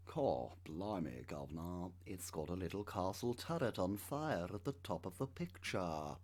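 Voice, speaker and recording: A man's voice: lowish voice, big pitch swings, normal speed. A man in his thirties reading web pages aloud and adding wry, sarcastic asides as a channel host. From United Kingdom. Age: 30s.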